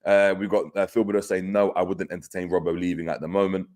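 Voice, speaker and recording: Deep-voiced man chatting football. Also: little pitch movement, quick pace, darkish tone. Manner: conversational, many fillers and restarts, reads out comments. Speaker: football podcast host. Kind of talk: casual live-stream chat reading viewer comments.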